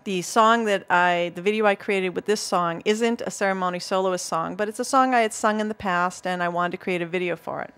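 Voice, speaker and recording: A woman's voice: fairly low pitch, brisk, few pauses, fairly bright tone, smooth. A woman with a Boston accent, co-hosting a local talk show in a chatty, enthusiastic way, telling stories and laughing easily. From Massachusetts. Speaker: co-host. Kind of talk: casual chat.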